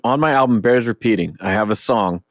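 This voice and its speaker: A man in his thirties, from Oregon, hosting a podcast in animated, profane casual chat. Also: lowish voice, fairly quick. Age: 30s. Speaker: podcast host and rapper.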